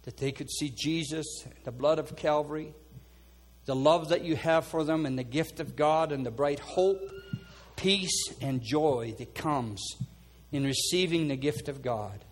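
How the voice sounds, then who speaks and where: A man preaching a sermon as pastor, calling people forward and then praying earnestly over them. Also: unhurried. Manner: earnest preaching, drops soft and low for quoted prayers. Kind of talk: sermon with altar call and prayer.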